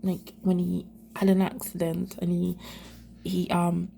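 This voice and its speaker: A young woman telling her own story of domestic abuse in halting, repetitive speech that often slips into a whisper. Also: fairly low pitch, monotone, gravelly, dark tone, slight background noise. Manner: halting, repeats herself, many fillers; often drops to an unvoiced whisper. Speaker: survivor sharing her story. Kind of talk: emotional personal testimony.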